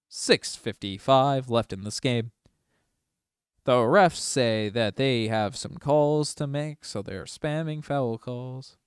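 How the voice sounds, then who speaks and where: A man giving casual, partisan play-by-play on a fan livestream, moving from low mutters to loud excited shouts. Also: clear, resonant tone, dry recording, studio quality. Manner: excitable, swings from mumbling to shouting. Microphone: desk microphone.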